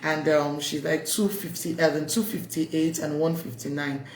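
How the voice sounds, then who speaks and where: A woman giving heartfelt, pleading advice to parents, telling personal stories with many pauses and ums. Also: deep voice, steady tone. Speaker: parenting speaker. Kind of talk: earnest advice talk to parents. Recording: roomy echo.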